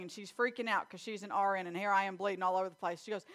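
A middle-aged woman preaching a sermon, telling a childhood story in quick, animated bursts. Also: medium pitch.

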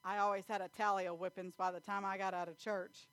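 A woman delivers a folksy sermon full of family stories and scripture readings, laughing often. Her mid-range voice is level, fast, and a bit bright, with no room sound.

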